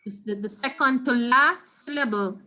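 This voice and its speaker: A Jamaican woman leads an online Spanish lesson through her computer mic, patiently sounding words out again and again for her students. Her voice sits a little high and comes across bright and crisp. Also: moderate pace. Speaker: Spanish teacher. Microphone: computer mic on a video call.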